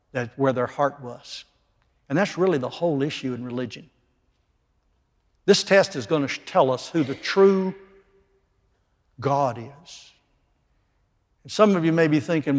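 A man preaching a sermon, emphatic, dropping from loud declarations to hushed lines. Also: on the high side. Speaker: pastor. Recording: long reverb of a large hall.

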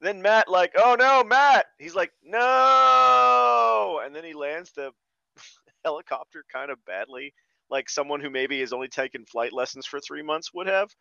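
Speaking at normal speed in a slightly high, somewhat bright voice, a man hosting a podcast chats casually while ranting sarcastically about a bad movie, exasperated and profane. The dull lo-fi recording is dry, with no room sound.

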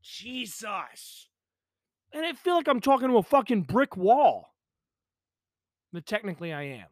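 A young man rants on his own podcast, agitated and profane, swearing through every sentence. His voice sits high, and the recording is dry and close with no room sound. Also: big pitch swings, unhurried, dry recording. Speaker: podcast host. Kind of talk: ranting solo podcast. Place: pump house in the countryside.

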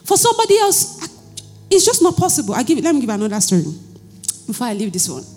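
Speaking fast with a breathy edge and a high voice, a woman pastor in her thirties with a Nigerian accent delivers an animated, story-filled sermon. She keeps checking whether the congregation understands, and the church hall adds reverb beneath faint music.

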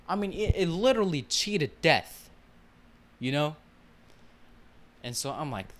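A man hosts his own podcast in a casual solo rant that rambles, swears heavily, and is full of fillers. His voice is on the high side and a bit bright, and he talks at a normal speed with frequent pauses.

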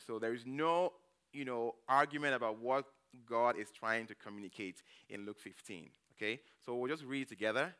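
Bright-voiced man preaching a conversational sermon. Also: medium pitch, normal speed, smooth. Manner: storytelling, frequent "okay?" checks with the congregation; acts out his own quoted reactions. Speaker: church elder preaching.

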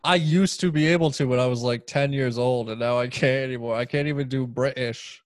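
A man's voice: mid-range voice, fairly even intonation, fairly quick, no room sound. A man on a comedy podcast making joking, opinionated asides in casual conversation. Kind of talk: casual chat.

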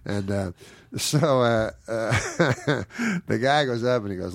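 A man's voice: mid-range voice, takes it slowly, dry recording, clean studio sound. A man, a guest comedian, telling a rambling anecdote, chuckling often and mimicking the people in it. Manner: meandering storyteller, chuckles often, mimics people in his stories.

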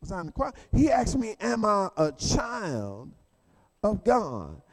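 A mild, matter-of-fact wife, as a male preacher voices her, with a high-pitched voice. She relays messages and answers questions in a calm, even way. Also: takes it slowly, big-room sound, exaggerated voice. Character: patient wife answering the door.

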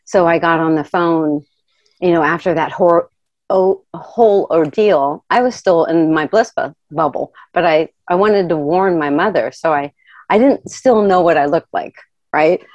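Middle-aged woman, lowish voice, dry close sound, animated personal storyteller who laughs often and acts out the people she quotes. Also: unhurried, no echo, highs cut off.

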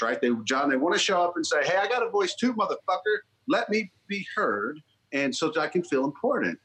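A man's voice: a little high, fairly bright tone, poor audio. A man, a strength coach guest, talking bluntly and profanely in casual podcast chat.

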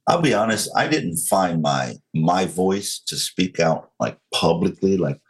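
A man in his forties from North Carolina with a Southern accent, telling his story as an interview guest in a slow, controlled, frank way. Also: low voice, expressive, a little hiss or hum, rough recording.

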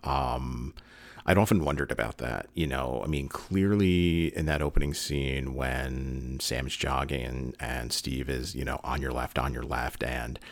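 A man's voice: rumbling low, no echo. A man talking casually in video commentary, earnest and rambling with many fillers and restarts, sometimes choked up. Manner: emotional, getting choked up.

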